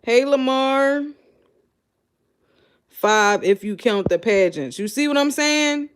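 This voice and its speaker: Female host, high-pitched, blunt and incredulous casual commentary to viewers. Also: takes it slowly, smooth. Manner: blunt, animated, incredulous, talks to the audience. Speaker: show host. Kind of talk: casual live reaction commentary.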